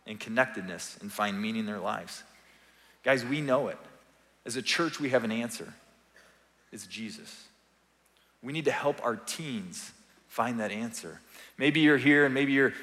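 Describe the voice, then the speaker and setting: A man's voice: medium pitch, a bit bright, in a large hall. A man speaking as a family pastor, giving an earnest, encouraging, conversational sermon. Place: church sanctuary.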